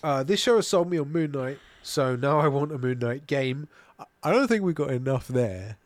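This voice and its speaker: A man's voice: mid-range voice, expressive, normal speed, dry recording. A British man co-hosting a podcast, chatting casually and reading out viewer comments with easy laughs and loose swearing. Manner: easygoing, laughs and swears freely. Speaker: podcast co-host.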